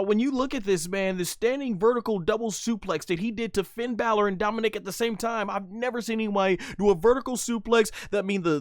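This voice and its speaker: A man talks through a wrestling event in a casual recap, his voice sitting a little high and climbing further when the action excites him. He is recorded close and dry, with no room sound around him. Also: no echo. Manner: excitable, animated recounting with laughs and shouts. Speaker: wrestling reviewer.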